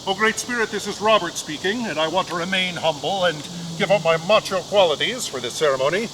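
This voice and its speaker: A man's voice: high voice, fairly quick, background noise, lightly acted. A man doing an earnest man praying aloud. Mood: solemn. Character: earnest man at a prayer circle.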